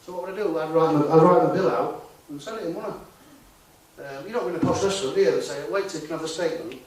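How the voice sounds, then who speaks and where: A man's voice: on the high side, fast. Male conference speaker, chatty and full of rhetorical questions, heard from far off in an echoey hall. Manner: conversational, asks the audience rhetorical questions. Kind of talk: live talk to an audience. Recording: echoey hall, distant mic, faint noise.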